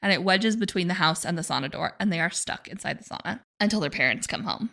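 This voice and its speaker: Chatty woman podcast host, gravelly, bright sound, lots of "like"s. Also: lowish voice, lively intonation, fast talker. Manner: chatty, heavy on filler words. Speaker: book club podcast host. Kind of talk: casual chat, recapping a novel.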